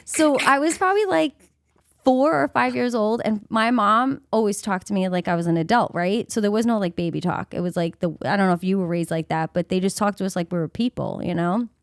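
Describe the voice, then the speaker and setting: A woman's voice: mid-range voice, fairly quick, dry recording, clean studio sound. A woman co-hosting a podcast, telling a childhood story in casual chat, acting out the voices of people in it and laughing often. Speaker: podcast co-host.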